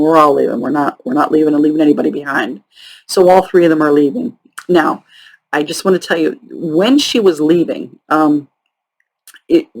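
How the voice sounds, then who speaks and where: A woman's voice: low voice, low-quality recording. Sarcastic, chatty woman telling true crime. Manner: chatty, profane and sarcastic asides; halting, many ums and restarts. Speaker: true crime podcast host. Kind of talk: casual true crime storytelling.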